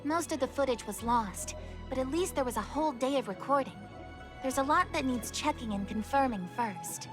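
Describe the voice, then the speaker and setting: A fairly high female voice, from an actress in a video game, plays a poised official who explains things with formal courtesy. Game music plays clearly underneath her. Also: moderate pace, close to an everyday voice. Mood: composed.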